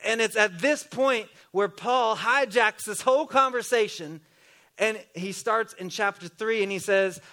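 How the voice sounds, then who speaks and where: High-voiced man preaching casually. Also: measured pace, bright, forceful tone. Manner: conversational, joking asides. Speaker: pastor. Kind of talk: sermon.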